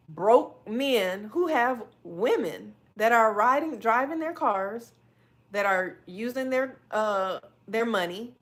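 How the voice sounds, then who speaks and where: This is a woman as she hosts her own podcast. She talks candidly and with animation, and she keeps calling her listeners y'all. Her voice sits at a middle pitch for a woman. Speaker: podcast host. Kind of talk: solo podcast talk reading live chat.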